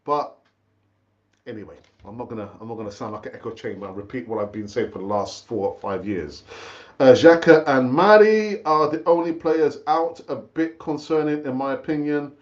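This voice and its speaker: The host of a casual live football fan stream is a middle-aged man with a medium-pitched voice who speaks at a moderate pace. Chatty and prone to repeating himself, he keeps calling viewers brother. The sound is lo-fi.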